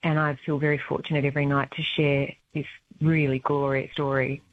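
A woman's voice: deep voice, level tone, brisk, no echo. A woman stage actress talking eagerly and chattily about her play in an interview. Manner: enthusiastic, chatty, warm about her work. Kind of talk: casual phone interview. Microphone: phone line. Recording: tinny phone line.

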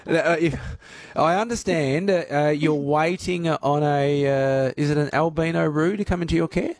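A man hosting a talk radio show from a studio, relaxed and dotted with uhs. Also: fairly high pitch, moderate pace. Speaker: radio host. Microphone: close studio mic.

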